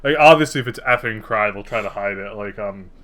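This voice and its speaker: A man's voice: lowish voice, a little fast, fairly bright tone. A young man co-hosting a podcast in a casual, rambling chat, cursing freely. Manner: rambling, laid-back, swears freely. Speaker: podcast co-host.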